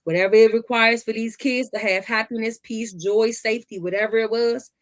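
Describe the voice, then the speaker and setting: Animated woman telling a family story. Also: a little high, fairly quick. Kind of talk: casual storytelling.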